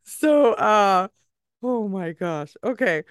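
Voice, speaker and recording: A woman hosts a podcast interview in a smooth, clear voice that sounds dry and close. She is chatty and enthusiastic, quick to react to what her guest says. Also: medium pitch, animated, no room sound. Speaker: podcast host.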